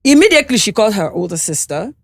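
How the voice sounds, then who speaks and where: Halting Nigerian woman telling her story. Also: medium pitch, sing-song, no echo, clean studio sound. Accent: Nigerian English. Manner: halting, restarts often, checks in with "you understand?". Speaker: guest, singer. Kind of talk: candid interview storytelling.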